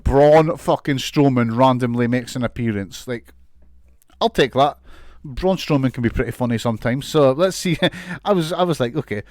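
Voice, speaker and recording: A man's voice: mid-range voice, normal speed, darkish tone, dry recording, studio quality. A man giving a casual, sweary, sarcastic recap of a wrestling show, laughing often.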